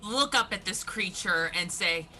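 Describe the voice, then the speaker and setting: Bright, slow-speaking woman player. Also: medium pitch, expressive. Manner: describes her character's actions. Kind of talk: casual tabletop game talk.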